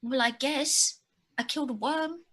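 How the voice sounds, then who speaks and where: A woman's voice: high voice, measured pace, fairly bright tone. A woman playing her character in a tabletop game, hesitant and stammering yet eager. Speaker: player. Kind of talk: in-character tabletop role-play.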